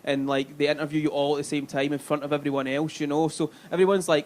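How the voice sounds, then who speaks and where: A man's voice: fairly high pitch, fairly even intonation, quick pace, hardly any pauses, slight background noise. A man with a Glaswegian Scottish accent doing a live stand-up set, chatty and sweary, checking in with the crowd. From Scotland, Glasgow. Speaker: stand-up comedian. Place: comedy club stage.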